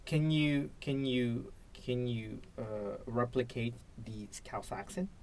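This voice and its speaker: An Indonesian man, an English learner and teacher, practices spoken English in conversation, hesitating and often repeating or restarting as he searches for words. His medium-pitched voice is slow and steady with a darkish tone, over slight background noise.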